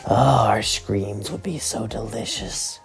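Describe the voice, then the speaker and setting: A man voicing a manic male killer clown spirit who is playful, excitable and relishes cruelty. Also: lowish voice, slow, vocal fry, slightly rough, faint music behind, exaggerated voice. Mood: gleeful.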